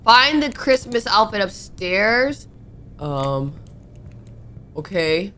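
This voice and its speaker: A young woman narrating a horror game as she plays, excitable and talking to the characters on screen. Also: medium pitch, extremely slow, a little hiss or hum. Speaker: gaming YouTuber. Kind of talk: let's play commentary.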